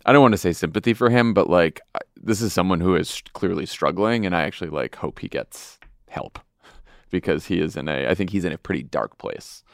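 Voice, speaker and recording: A man's voice: low voice, fairly quick, vocal fry, dry recording, studio quality. A man hosting a podcast, talking politics in a conversational, wry way. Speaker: podcast host. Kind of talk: casual political chat.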